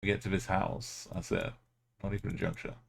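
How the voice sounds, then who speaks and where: A man's voice: deep voice, level tone, fairly quick, creaky, husky. A man streaming a game live, thinking aloud as he plays and chatting with his viewers.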